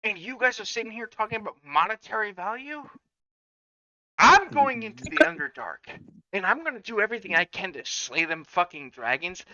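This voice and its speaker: A woman's voice: medium pitch, sing-song, moderate pace, pushed and bright. A woman voicing a blunt, hot-tempered male fighter who rants and swears constantly. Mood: angry ranting. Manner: profane ranting. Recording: dry, dull lo-fi audio.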